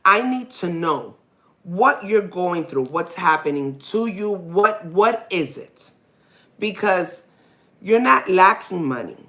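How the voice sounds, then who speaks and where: A woman's voice: on the low side, animated, slow, fairly bright tone. A mother hosting her own podcast, telling a personal story in a candid, rambling way and laughing when nervous.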